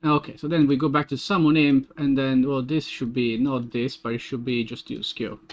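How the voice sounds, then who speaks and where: A man streaming game development, thinking aloud in a casual, halting way as he works through code. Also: medium pitch, little pitch movement, highs cut off. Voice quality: muttering to himself, halting restarts.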